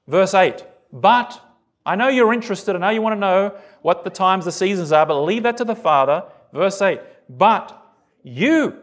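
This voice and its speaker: A pastor with a high-sitting voice preaches at normal speed, reading scripture and animatedly putting questions to his congregation along the way.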